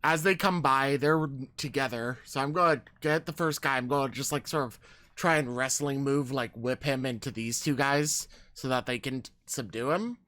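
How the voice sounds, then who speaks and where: A man plays a character in a tabletop role-playing session, brash and teasing. His voice is bright and forceful, and the sound is dry and close. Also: medium pitch, normal speed, no room sound. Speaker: player. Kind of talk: casual tabletop play.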